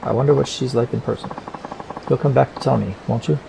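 A sweet, fawning young woman on the phone, read out by a man, gushing and overly polite. The read is gravelly and sits at a mid pitch, with game music underneath. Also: fairly even intonation, quick pace, background noise.

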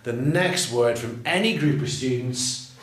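A man explaining how he teaches English verb tenses, talking slowly and deliberately and drawing out his example phrases. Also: mid-range voice. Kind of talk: teacher training walkthrough. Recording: roomy echo, voice far from the mic.

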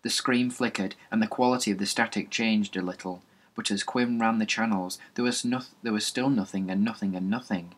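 A man's voice: fairly low pitch, steady tone, brisk. A man reading a novel aloud as an audiobook, plainly, with small slips and restarts. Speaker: reader.

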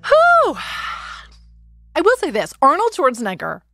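A woman hosts a comedic podcast, talking in an animated, playful way with quick asides. Her voice sits fairly high. The sound is close and dry. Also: no echo, soft background music. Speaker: podcast host.

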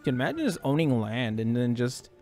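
Excitable young man, rambling streamer. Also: medium pitch, fast talker, faint music behind. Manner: excitable, rambling, laughs and repeats himself. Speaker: streamer reacting to videos. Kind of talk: casual reaction commentary.

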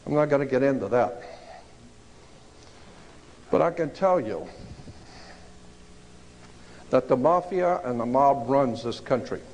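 A man telling a personal story in a casual, conversational way, pausing often with "uh" and "um". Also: mid-range voice, lively intonation, darkish tone, muffled recording, slight background noise. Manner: conversational, with frequent "uh" and "um" pauses. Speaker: storyteller recounting a personal experience.

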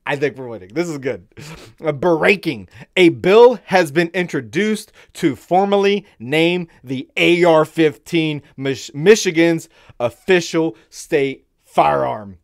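A man hosting a casual live stream, rambling with fillers and repeats, slowing down to read headlines and then bursting with excitement. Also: on the high side. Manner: slows down when reading headlines aloud. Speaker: streamer host.

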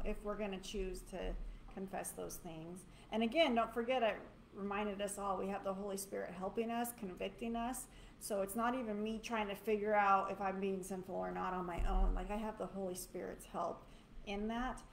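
A woman with a gravelly voice talks through scripture in a conversational, reflective way. The recording sounds roomy and carries a faint hiss. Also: medium pitch. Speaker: co-host of a church teaching show. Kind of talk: casual Bible teaching. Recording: echoey room with faint noise.

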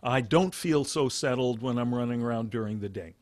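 A man teaching a meditation class who talks in halting phrases, restarting often and explaining with plain examples. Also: medium pitch, darkish tone, dry recording. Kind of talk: dharma talk.

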